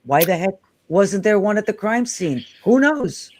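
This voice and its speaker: A woman's voice: mid-range voice, big pitch swings, a little slow, darkish tone, dry recording. A woman co-hosting a stream, sharing opinions and stressing she is just asking questions. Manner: speculative, hedges her claims. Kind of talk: casual opinion talk.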